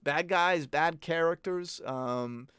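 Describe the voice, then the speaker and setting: A man with a somewhat high voice and a dry, close sound, chatting casually as he answers viewers' questions. He rambles, swears freely and gives blunt opinions. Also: slow pace, a bit bright, clear, resonant tone, no echo. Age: adult parent. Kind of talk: casual live-stream Q&A chat.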